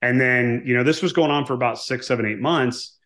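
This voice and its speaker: A man's voice: medium pitch, a little fast, fairly bright tone. A man in his forties, a guest author, telling a story in a casual interview, acting out quoted dialogue and often checking in with "right?". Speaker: guest, author and former navy pilot.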